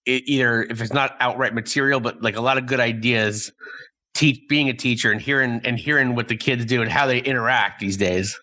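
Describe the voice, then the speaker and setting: A man's voice: medium pitch, fairly even intonation, fairly quick, pushed and bright. A man co-hosting a podcast, chatty and laughing through his anecdotes. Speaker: podcast co-host. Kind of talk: casual podcast chat.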